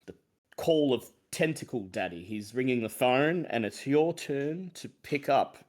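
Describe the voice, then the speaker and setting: A man's voice: mid-range voice, lively intonation, a little slow, darkish tone. A man running a horror tabletop game, giving theatrical, playful introductions as the keeper. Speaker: game master. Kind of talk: dramatic tabletop game narration.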